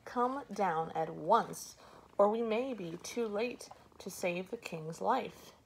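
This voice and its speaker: Brief: grumpy storybook shark, cross and pushy, slow-paced with gravelly edges as a woman reader puts him on. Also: mid-range voice, slight background noise, low-quality recording. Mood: stern. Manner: cross and impatient. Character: scheming, impatient male shark.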